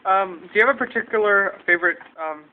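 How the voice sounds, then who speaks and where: Brief: hesitant audience questioner, tinny sound, faint noise. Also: male voice, sits high, quick pace. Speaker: audience member asking a question.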